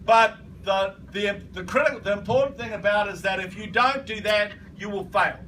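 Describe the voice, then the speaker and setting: A man's voice: high-pitched, brisk, sharp tone. A man giving a motivational business training talk to a live audience. He speaks emphatically, repeats his points and keeps asking the room to agree. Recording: distant mic, noisy room.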